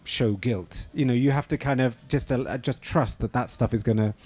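A man's voice: mid-range voice, fairly even intonation, fairly quick, darkish tone, breathy edge. A middle-aged man, a novelist and screenwriter, answering interview questions thoughtfully, with frequent fillers and restarts.

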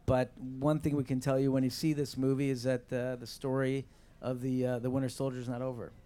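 A man answering questions on a panel, animated and full of fillers. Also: mid-range voice, brisk.

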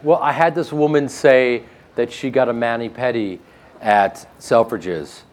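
A man with a flat Midwestern American accent, a guest actor telling joking stories in a casual interview. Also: mid-range voice, a little slow. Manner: joking, animated storytelling with laughs.

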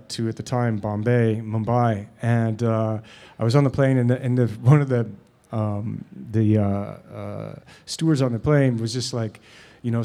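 A middle-aged actor answering questions at a live Q&A, telling stories in a halting way, full of fillers and restarts and quick laughs. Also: male voice, mid-range voice, dark tone. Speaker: actor and guest at a Q&A. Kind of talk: anecdotal Q&A talk.

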